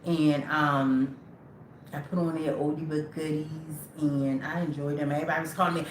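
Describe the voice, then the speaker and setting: Woman livestream host with a lower voice, loose and rambling, addressing viewers directly, echoey room. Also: level tone, moderate pace, a little hiss or hum. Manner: rambling, talks straight to viewers. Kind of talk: casual livestream talk.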